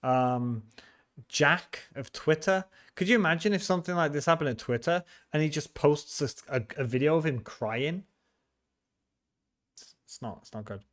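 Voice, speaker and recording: A man's voice: on the high side, normal speed. A man hosting a casual livestream, reading out viewer comments, teasing them and laughing often. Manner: chatty, teasing, laughs often, frequent restarts. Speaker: livestream host.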